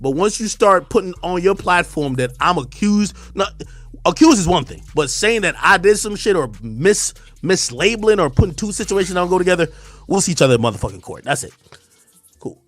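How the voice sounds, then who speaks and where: Man, high and animated, defiant stream rant, dry sound with faint music under it. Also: a little fast, dry recording. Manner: defiant, repetitive, emphatic. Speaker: streamer commentator. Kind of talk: heated livestream rant.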